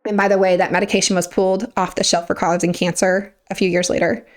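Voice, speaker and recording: A young adult woman, a podcast guest, recounting personal experiences in a lively conversational way and acting out what others said. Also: on the low side, quick pace. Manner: animated retelling, acting out others' words with laughs.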